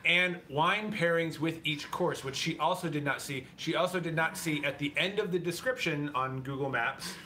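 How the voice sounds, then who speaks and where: A man's voice: a little high, normal speed, few pauses, sharp tone, a little hiss or hum. A man co-hosting a casual show, telling a teasing story to viewers. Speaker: podcast co-host. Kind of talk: casual chat with live viewers.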